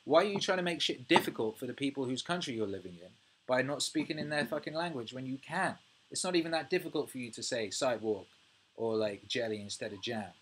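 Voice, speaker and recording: A British man in his thirties hosting a casual livestream, reading viewer comments, swearing freely and ranting with animated energy. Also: medium pitch, fast talker, slightly rough. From United Kingdom. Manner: swears freely, animated rants, laughs often. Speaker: music producer and livestream host.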